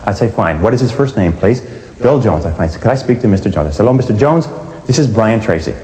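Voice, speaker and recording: A man's voice: fairly low pitch, lively intonation, quick pace, dark tone. A man giving a sales training lecture, speaking emphatically and acting out both sides of phone calls. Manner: emphatic, acts out phone dialogues. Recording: echoey hall with long reverb.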